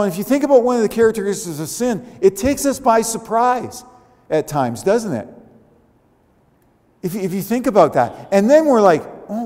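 Animated high-voiced pastor in a reverberant church. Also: male voice. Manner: conversational, animated, acts out little quoted reactions. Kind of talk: sermon. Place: church sanctuary.

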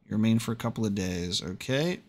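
A man's voice: on the low side, lively intonation, fairly quick, a little mellow. A young man giving casual let's-play commentary, muttering to himself as he checks details and swearing now and then. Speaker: gaming video creator.

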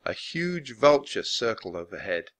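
A man reading a children's book aloud, expressive and dropping low for narration. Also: unhurried. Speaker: storybook reader.

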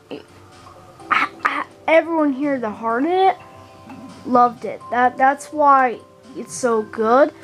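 Slow, halting woman doing game commentary. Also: a little high. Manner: halting, repeats words, earnest complaining. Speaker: gaming channel host. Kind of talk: gameplay commentary.

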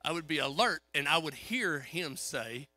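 A man preaching a sermon, telling a story in a folksy, animated way. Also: on the high side, moderate pace, faint music behind. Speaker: pastor.

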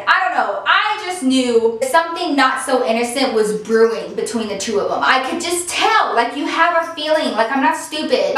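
Here a high-pitched woman with a fairly bright tone tells the camera a personal story, vlog-style. Her delivery is chatty and dramatic, sprinkled heavily with "like," and the audio comes from a distant mic in a very echoey space.

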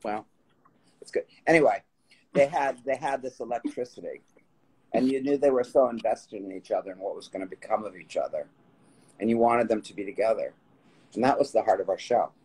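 The host of this casual phone live stream, a writer, has a somewhat low, slightly rough voice and talks briskly. He tells warm, meandering stories and frequently starts over. The audio is poor.

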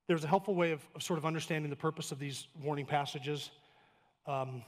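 A male pastor preaches quickly in a slightly high, steady voice, hammering his points with strings of short, emphatic clauses. Between them he eases into plain, lightly humorous asides, and the church sanctuary leaves a long reverb tail.

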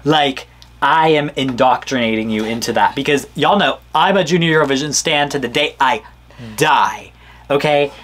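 A woman's voice: rumbling low, normal speed. A woman co-hosting a podcast in casual chat, gushing and slangy, full of hype. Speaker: podcast co-host.

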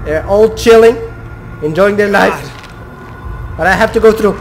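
Jumpy high-voiced gamer with gravelly edge. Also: male voice, normal speed, soft background music. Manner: jumpy, talking to himself and viewers, swearing. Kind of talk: horror game commentary.

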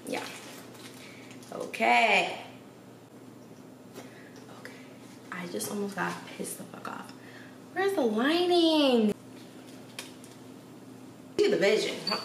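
A woman's voice: mid-range voice, slow pace, vocal fry, long pauses. A woman vlogging at home in a chatty, sassy, slangy way, talking straight to her viewers. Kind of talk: casual vlog chat. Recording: echoey room, distant from mic, noisy.

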